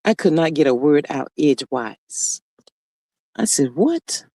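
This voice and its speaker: High-voiced sassy man live-streaming. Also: warm tone, dry recording. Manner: sassy, drawn-out, calls viewers honey and child. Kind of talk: casual live-stream chat, reading comments aloud. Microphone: phone.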